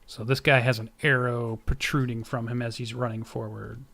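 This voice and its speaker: A man's voice: medium pitch, level tone, normal speed, vocal fry, a bit bright. Easygoing man running a tabletop game. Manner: easygoing, many filler hesitations. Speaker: game master. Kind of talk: narrating a tabletop game session.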